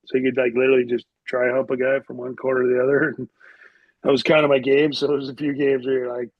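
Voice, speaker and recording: A man's voice: medium pitch, flat delivery, fast talker, dry recording. Middle-aged man, podcast guest, rambling storyteller, crude language, dry dull-sounding recording. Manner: rambling, profane, heavy use of "like". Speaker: podcast guest, former hockey player. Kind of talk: casual storytelling interview.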